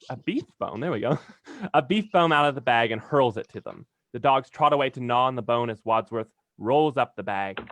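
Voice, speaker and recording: A man's voice: mid-range voice, dry recording. A man reading stage directions aloud in a plain, straightforward way, sometimes stumbling over a word. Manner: plain, occasionally stumbling and laughing.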